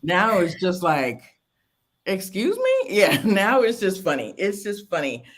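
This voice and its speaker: A woman co-hosting a laid-back reality TV review show. She talks in a chatty, conversational way, full of fillers and quick laughs. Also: on the low side, animated. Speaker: co-host. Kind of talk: casual reality TV review chat.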